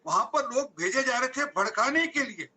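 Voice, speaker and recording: An Indian political spokesperson argues on a TV news debate, talking in a rapid, insistent rush. His voice is high, bright and forceful. He keeps pressing the same point. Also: animated, slightly rough, poor audio. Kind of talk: TV debate panelist.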